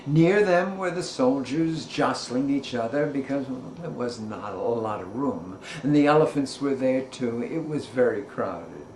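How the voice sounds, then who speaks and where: A male storyteller reads a children's folk tale in a playful, expressive way. He takes his time, and his mid-pitched voice rings with a roomy echo. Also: a little slow, hardly any pauses, slight background noise.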